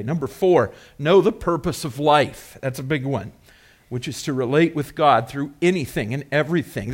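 A man preaching a sermon as pastor, earnestly reviewing points and then emphatically teaching a word, repeating key terms. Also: medium pitch.

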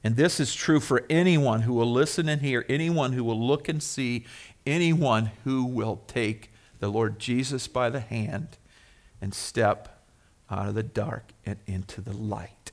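Guy preaching, talky and personal, gets loud then goes real quiet. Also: medium pitch, unhurried. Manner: conversational, rising to emphatic then dropping soft. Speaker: pastor. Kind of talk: sermon.

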